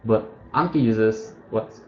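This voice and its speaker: A man's voice: on the low side, slow pace, a little mellow. Casual man explaining a study app. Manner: rambling, self-correcting, thinking aloud. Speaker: tutorial host. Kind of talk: casual screen-share tutorial. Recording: muffled, echoey room with faint hiss.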